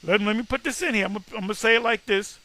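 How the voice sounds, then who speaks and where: A man giving a casual online lecture, reacting to search results in an emphatic, halting way with many restarts. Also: high-pitched, bright, forceful tone. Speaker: online teacher.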